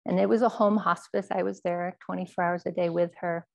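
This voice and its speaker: A woman Zen teacher telling a personal story in a dharma talk, speaking in a quiet, measured, halting way. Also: fairly low pitch, steady tone, gravelly.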